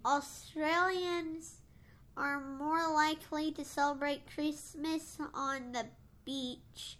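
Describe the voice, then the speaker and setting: A woman co-hosting a casual podcast chat, talking haltingly with many restarts. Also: sits high, a bit bright. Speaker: podcast co-host.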